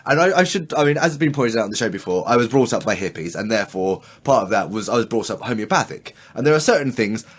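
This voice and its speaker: A man's voice: fairly low pitch, fast, few pauses, breathy edge. A British man co-hosting a podcast, chatting casually and telling rambling stories with restarts and swearing. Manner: animated, swearing, storytelling with restarts. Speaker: podcast co-host. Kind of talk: casual chat.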